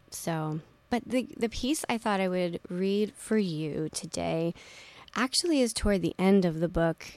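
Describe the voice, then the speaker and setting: A woman's voice: on the low side, gravelly, darkish tone. Chatty woman with a Philly accent. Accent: Philadelphia. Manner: chatty, self-deprecating, with quick asides. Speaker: novelist guest. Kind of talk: radio interview conversation. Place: radio studio.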